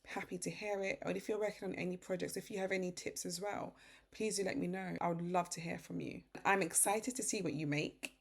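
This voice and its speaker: A British woman hosting a software tutorial, casually explaining each step as she works through it on screen. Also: fairly low pitch, steady tone, a little fast, gravelly. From Britain. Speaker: tutorial host.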